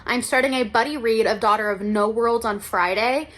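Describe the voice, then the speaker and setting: A woman's voice: a little high, normal speed, a bit bright. A woman in her twenties chatting casually to camera at home in a vlog, giggly and full of "like". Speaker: vlogger. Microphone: handheld camera.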